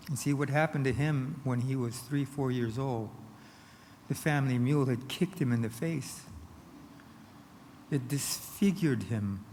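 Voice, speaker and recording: Earnest man telling a story. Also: on the high side. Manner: earnest, shifts from hushed to emphatic. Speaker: recovery meeting speaker. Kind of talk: personal storytelling talk. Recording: long hall reverb, faint noise.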